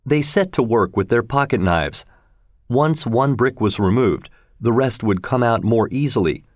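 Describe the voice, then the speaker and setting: A man narrating a classic adventure story as an audiobook reader, in a steady, measured storytelling manner. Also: mid-range voice, no echo, clean studio sound.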